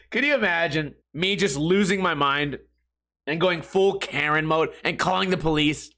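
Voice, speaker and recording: A man's voice: fairly high pitch, a little slow, pauses often, sharp tone. A man hosting a podcast, telling a crude, rambling comedic story and laughing at his own jokes. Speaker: podcast host. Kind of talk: casual comedic monologue.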